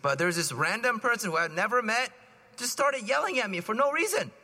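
A priest preaches in a loose, storytelling way, acting out the voices of the people in his stories. His voice sits a little high and sounds bright and forward. Long church reverb trails after every phrase. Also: lively intonation, fairly quick. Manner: conversational, anecdotal, acts out quoted voices. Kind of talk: sermon.

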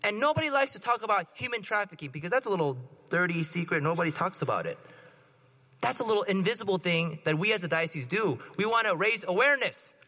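In a church with long hall reverb, a priest gives a playful sermon, joking and quizzing the congregation with questions. He's a fast talker with a high-pitched, pushed and bright voice and lively intonation.

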